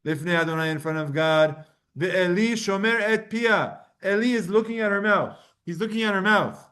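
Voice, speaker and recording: A man's voice: sits high, moderate pace, a bit bright. A man teaching a Talmud class, reading Hebrew verses aloud and then translating and explaining them in casual English. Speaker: Torah teacher.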